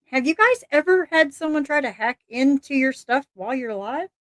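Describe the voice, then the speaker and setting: A woman hosts a casual live stream in a high, bright-pitched voice. She rambles excitably and laughs often, and her voice sounds dry and close with no room echo. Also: normal speed. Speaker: livestream host.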